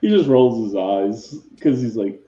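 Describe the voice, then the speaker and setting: A man narrating as game master of a tabletop game, in relaxed, lively storytelling. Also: mid-range voice, measured pace, echoey room, lo-fi sound.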